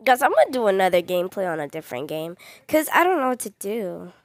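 Fast and full of big pitch swings, this mid-range female voice is recorded with no echo. It belongs to a young woman hosting a gaming channel who spooks easily, speaks directly to her audience in excited gameplay commentary, and repeats short phrases over and over.

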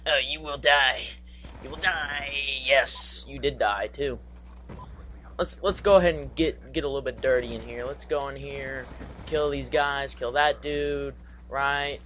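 A young man giving live gameplay commentary, excitable and goofy, trash-talking with singsong asides. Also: medium pitch, measured pace, slight background noise. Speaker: gaming commentator.

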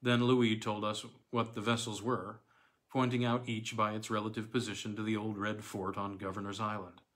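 A man narrating a classic novella in the first person, with a measured, theatrical reading. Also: lowish voice, level tone, fairly bright tone. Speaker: audiobook reader.

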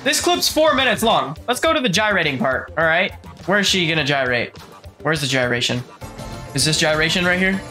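A man's voice: a little high, sing-song, a little fast, bright, forceful tone, faint music behind. Profane, rambling male movie reviewer. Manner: profane, filler-heavy, incredulous. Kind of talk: casual comedic movie commentary.

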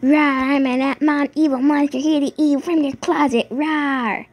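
A woman's voice: sits high, fairly even intonation, measured pace. A woman voicing a silly closet monster, growling playfully.

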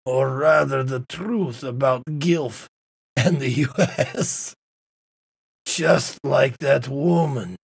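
A man's voice: medium pitch, takes it slowly, vocal fry, hardly any pauses, husky, dry recording, pitched below the performer's own voice, exaggerated voice. A man voicing a gloating male villain general while reading game dialogue aloud on a stream, in a swaggering, taunting manner.

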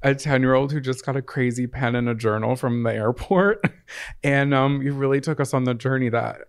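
A young man co-hosting a podcast in casual chat, laid-back and gently teasing. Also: mid-range voice, fairly quick, smooth. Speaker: podcast co-host.

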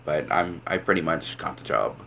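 Deep-voiced young man rambling through a story. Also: expressive, moderate pace, vocal fry, pushed and bright, a little hiss or hum. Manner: rambling, filler-heavy, says "like" a lot. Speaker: vlogger. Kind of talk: casual storytelling vlog.

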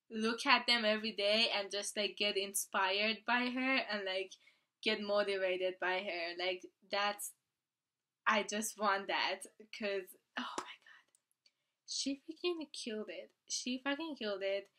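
Young woman, bright forceful voice, excitable, gushing, casual reaction vlog, occasional whispers. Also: mid-range voice. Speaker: YouTuber reacting to a music video.

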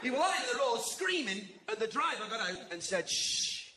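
A man doing stand-up comedy, boisterous and shouting punchlines to a live crowd. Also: very high-pitched, sing-song, a little fast, heavy background noise. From England. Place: large indoor venue before a live audience. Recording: echoey venue with loud crowd laughter.

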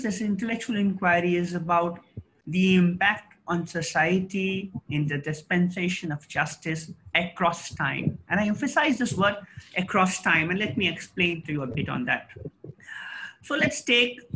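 A middle-aged man giving a formal guest lecture, emphatic and rhetorical, with pauses and restarts. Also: high voice, noisy background. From India.

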